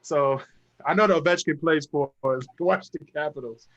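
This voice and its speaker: A man's voice: a little high, normal speed, a bit bright, highs cut off. A man co-hosting a casual sports chat, laughing often and acting out film quotes. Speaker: podcast co-host.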